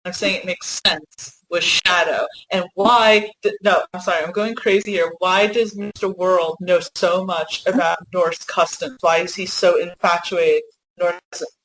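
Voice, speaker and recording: A woman co-hosting a fan podcast, talking in an excited, rambling way and swearing freely in a casual discussion. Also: lowish voice, normal speed, slight background noise, rough recording. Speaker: podcast co-host.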